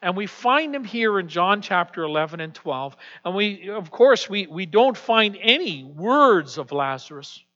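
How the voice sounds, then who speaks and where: A man preaching a sermon as pastor, swinging from hushed, quiet passages to loud, emphatic declarations. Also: high-pitched, big pitch swings, measured pace, hardly any pauses. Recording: dull lo-fi sound with long hall reverb.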